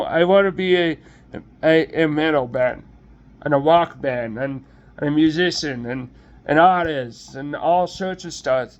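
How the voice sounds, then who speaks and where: A young man speaks slowly in a high voice, stopping, restarting and trailing off. He sounds emotional and close to tears as he talks into his own phone or webcam. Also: smooth, highs cut off. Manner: halting, hesitant, many restarts and trailing off. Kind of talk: personal confessional vlog.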